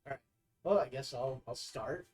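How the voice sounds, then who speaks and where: A woman player describing her character, speaking hesitantly with halting pauses and fillers. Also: extremely low pitch, a little mellow, distant mic, faint music behind. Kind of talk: describing a character at a game table.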